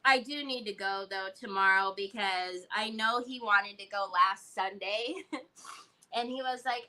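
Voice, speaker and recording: A woman's voice: mid-range voice, fairly even intonation, normal speed, bright, forceful tone. A middle-aged woman hosting a crafting livestream, chatting in a rambling, storytelling way as she works. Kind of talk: casual chat while crafting.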